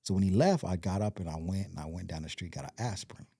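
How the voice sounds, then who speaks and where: Podcast guest: low-pitched man with a mellow tone and a dry close sound, rambling through a story. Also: fast talker, gravelly, breathy edge, dry recording. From Compton, California. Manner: rambling, animated retelling with quoted voices. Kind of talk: storytelling in casual interview.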